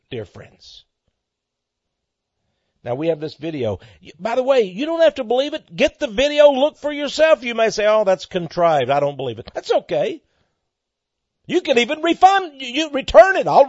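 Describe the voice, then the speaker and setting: Texan man preaching, high husky voice, dry muffled lo-fi sound. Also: no echo. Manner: fervent, swells loud on key words, repeats words. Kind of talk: preached radio sermon.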